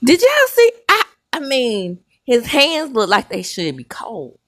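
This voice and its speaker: Sassy Southern woman, slow drawl. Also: a little high. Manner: sassy, animated storytelling with drawn-out emphasis. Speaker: host. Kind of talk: casual commentary.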